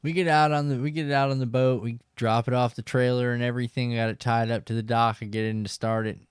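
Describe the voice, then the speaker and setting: A man hosting a fishing show, telling a rambling, animated story straight to his viewers. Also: medium pitch, fast, clean tone, no room sound, clean studio sound.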